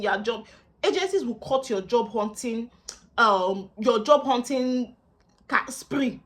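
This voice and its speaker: A woman's voice: fairly high pitch, a bit bright. A young woman with a Nigerian accent giving casual advice to students in a vlog. She talks in a chatty way, repeats herself often and slips into pidgin asides. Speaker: student vlogger.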